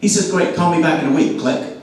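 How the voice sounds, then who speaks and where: A man giving an animated sales talk to an audience, throwing questions at the room and acting out quotes. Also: a little high, quick pace. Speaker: speaker at a club meeting. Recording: echoey room, mic from a distance.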